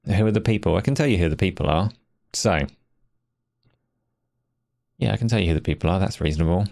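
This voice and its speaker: A man's voice: low voice, fairly quick, vocal fry, darkish tone. A man hosting a casual live stream, chatty and rambling, shivering from the cold. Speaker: stream host.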